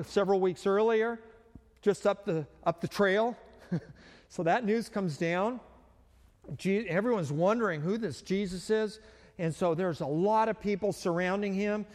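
A man's voice: sits high, darkish tone. A man preaching a sermon as pastor, talking in a conversational way with frequent fillers and restarts. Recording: long reverb of a hall.

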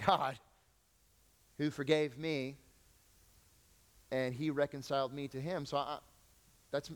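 A man preaching a sermon in a conversational way, acting out little quoted reactions as he explains scripture. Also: a little high. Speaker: pastor. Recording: long hall reverb.

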